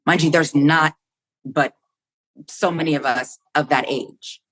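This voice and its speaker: A woman's voice: deep voice, fairly even intonation, measured pace, fairly bright tone. A woman in her fifties from the United States, a podcast guest telling a personal story vividly and candidly, acting out her own thoughts and swearing freely.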